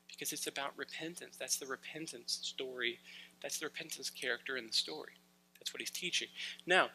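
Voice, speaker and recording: A man's voice: a little high, pushed and bright, low-quality recording. A man in his thirties preaching a casual, conversational sermon, acting out quoted lines as he goes. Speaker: pastor.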